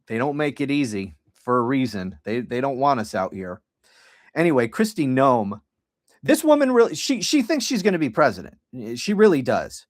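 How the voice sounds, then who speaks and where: A man's voice: medium pitch, sing-song, moderate pace, no echo, clean studio sound. A middle-aged man hosting a political podcast livestream, ranting bluntly and profanely with frequent restarts.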